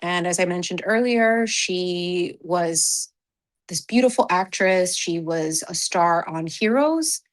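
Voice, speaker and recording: A woman hosting a relaxed livestream chat. She shouts out her viewers in a gushing, effusive way, then settles into earnest, heartfelt talk. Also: fairly low pitch, slow. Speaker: livestream host.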